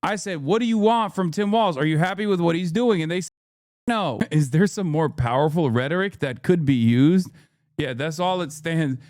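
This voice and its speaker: A man's voice: on the high side, animated, moderate pace, a little mellow, dry recording, studio quality. A man streaming as a commentator, reacting to news clips in heated, sarcastic rants and mocking impressions.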